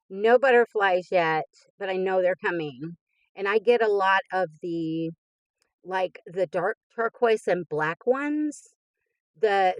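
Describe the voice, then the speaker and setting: On a dry recording, a medium-pitched woman in her 50s chats casually on her crafting channel while unpacking happy mail. She's gushing and full of enthusiasm, laughing frequently.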